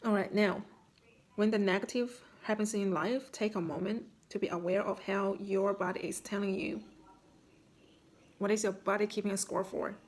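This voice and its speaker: A woman as a spiritual healing coach, calmly guiding listeners through self-reflection with instructive questions. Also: medium pitch, normal speed. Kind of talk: guided self-reflection talk.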